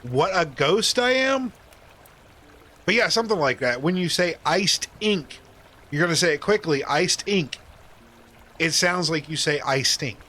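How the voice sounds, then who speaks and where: Bright-voiced man chatting on a stream. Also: fairly high pitch, animated, normal speed. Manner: jokey, self-deprecating, thinks out loud. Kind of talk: casual live-stream chat.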